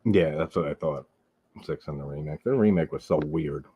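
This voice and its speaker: A man's voice: very deep voice, moderate pace, breathy edge, muffled recording. A man from Long Island, hosting a live horror movie stream and chatting casually with viewers. He rambles, drops "like" constantly and swears freely. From Long Island, New York.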